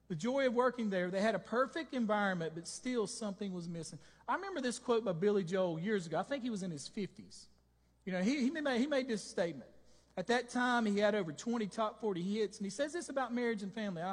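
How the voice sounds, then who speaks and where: High-voiced animated male pastor preaching. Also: big-room sound. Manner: animated preaching with jokes and questions to the congregation. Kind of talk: sermon. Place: church.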